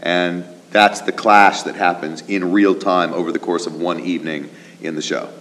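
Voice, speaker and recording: A male actor talking in an interview in a rehearsal hall. He explains quickly and with emphasis. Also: low-pitched, fairly even intonation, a bit bright. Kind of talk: casual interview.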